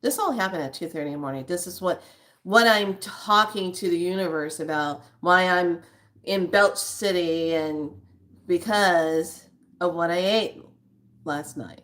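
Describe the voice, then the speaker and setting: A woman's voice: fairly low pitch, a little slow, a bit bright. Woman in her 50s chatting to viewers, keeps laughing, real candid. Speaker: spiritual vlogger. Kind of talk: casual chat to viewers.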